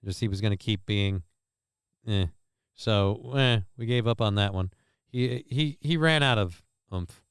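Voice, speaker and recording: A man's voice: lowish voice, unhurried, smooth, no echo, clean studio sound. A man giving casual, rambling, sarcastic commentary as he reacts to a video.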